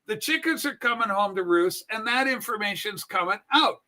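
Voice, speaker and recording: A man hosting a casual political talk livestream, brash and profane, with animated storytelling. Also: sits high, moderate pace. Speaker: political talk show host. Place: home room with a Star Trek shrine.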